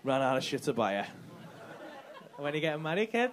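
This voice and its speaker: A high-voiced stand-up comic in his thirties, brash and foul-mouthed, chatting with the crowd and shouting his punchlines. He works a comedy club stage on a handheld mic. Laughter from a packed audience rolls in behind him. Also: sing-song, brisk.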